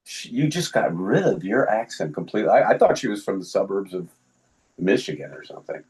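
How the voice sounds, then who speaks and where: An older actor with a faint Ohio accent, joking in an easygoing way during a casual interview. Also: male voice, fairly low pitch, very animated, darkish tone. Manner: easygoing, joking, quick laughs. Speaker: actor guest.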